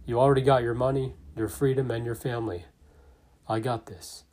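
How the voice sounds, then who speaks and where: A man reading out the lines of a brash, tough male federal agent, pushing his voice louder and higher than his own. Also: fairly even intonation, a little fast, close to an everyday voice.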